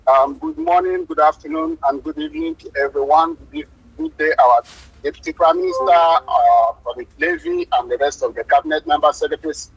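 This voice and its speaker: A man formally greets a meeting and introduces himself as a representative. His voice is husky and a little high. The call audio is dull and dry. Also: huge pitch swings, a little fast, no echo. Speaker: regional representative.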